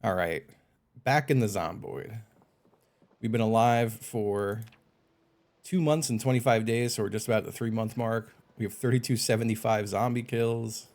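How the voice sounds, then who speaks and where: A man's voice: fairly low pitch, moderate pace. A man streaming a game live, chatting casually with viewers, swearing and getting exasperated. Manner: animated, swearing, exasperated outbursts.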